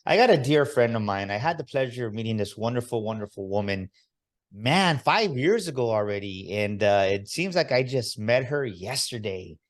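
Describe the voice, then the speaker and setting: An upbeat man hosting an interview podcast, sounding excited and motivational. His voice sits in a middle pitch. He drops in bits of Spanish now and then. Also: normal speed. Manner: enthusiastic, motivational, mixes in Spanish. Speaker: podcast host.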